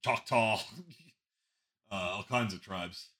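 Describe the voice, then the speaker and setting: A man's voice: on the low side, takes it slowly, bright, forceful tone, husky. A man co-hosting a podcast, sarcastic and joking, playing audio clips. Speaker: podcast co-host. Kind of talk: casual chat.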